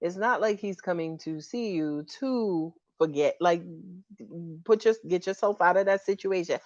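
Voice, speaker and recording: Woman, tarot reader, sassy, animated, dry close sound, dull lo-fi audio. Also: medium pitch, moderate pace, no echo. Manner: sassy, animated, laughs often. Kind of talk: live-stream tarot reading.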